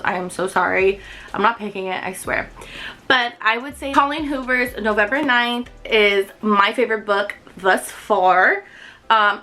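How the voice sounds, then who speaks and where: A woman in her twenties chatting excitedly to camera about books she loves, with lots of fillers. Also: mid-range voice, rough recording. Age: 20s. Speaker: book vlogger. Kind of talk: casual chat to camera.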